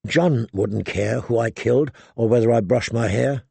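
A man narrating a fantasy novel aloud at a measured, even pace. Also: medium pitch, gravelly, breathy edge, dry recording. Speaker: audiobook narrator.

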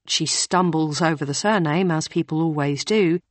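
A woman reading a novel aloud in measured scripted narration. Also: low voice, no echo. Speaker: audiobook narrator.

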